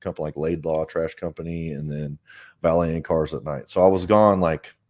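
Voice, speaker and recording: A man with a deep, low-pitched voice recounts his own past as an interview guest. He talks frankly and earnestly, rambling a little and circling back to restart his sentences. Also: steady tone, a little fast, darkish tone. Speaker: interview guest, foundation director. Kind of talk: personal storytelling in an interview.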